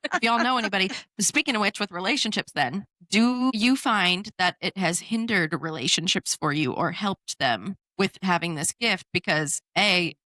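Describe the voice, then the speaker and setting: A woman's voice: mid-range voice, lively intonation, normal speed, hardly any pauses, pushed and bright, dry recording. A woman in her thirties hosting a casual podcast chat, laughing often as she tells stories. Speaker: podcast host.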